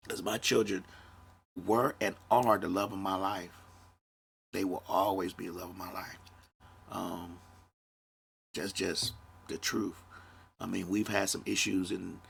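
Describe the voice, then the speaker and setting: A man's voice: deep voice, gravelly, a bit bright, slight background noise. A man, hosting a solo podcast and talking candidly and reflectively, with a dry throat and moments where he grows emotional. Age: 50s. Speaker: podcast host.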